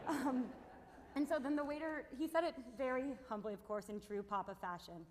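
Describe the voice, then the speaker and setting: Young woman, brighter pitch, casual amused eulogy, reverberant hall. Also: brisk. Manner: chatty, amused, filler-heavy storytelling. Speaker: grandchild giving a eulogy. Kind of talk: memorial speech. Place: temple sanctuary. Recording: long hall reverb, faint hiss.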